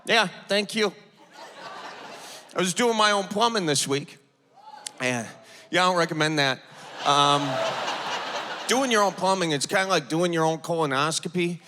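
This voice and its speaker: A man's voice: high voice, a little slow, long pauses. A stand-up comedian in his thirties with an Upper Midwest accent, telling stories in a folksy, playful way before a live audience on stage. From Wisconsin. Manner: folksy, animated, playful storytelling. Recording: loud live audience noise.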